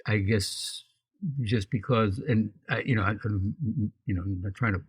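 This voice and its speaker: A man with a lowish, husky voice chatting on a podcast. He halts and restarts often and slips in dry jokes. The sound is close and dry, with no room around it. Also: fairly even intonation, normal speed, dry recording. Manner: hesitant, restarts often, joking asides. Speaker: co-host. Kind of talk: casual podcast chat.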